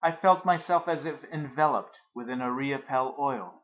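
A man narrating a first-person story in a measured, reflective way. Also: medium pitch, phone-quality sound.

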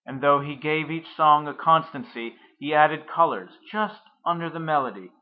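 A man narrating a first-person story in a measured, reflective way. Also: fairly high pitch, expressive, phone-quality sound.

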